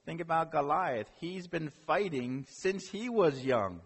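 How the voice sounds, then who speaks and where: A man's voice: on the high side, expressive, a little slow, slightly rough, exaggerated voice. A man acting out a skeptical king who doubts a young challenger. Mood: doubtful. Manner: incredulous, dismissive. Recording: long hall reverb.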